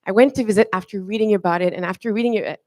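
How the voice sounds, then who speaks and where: A woman moderating a conference panel, chatty and warm to her guests, with many fillers and restarts. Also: medium pitch, rapid-fire, dry recording. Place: conference room.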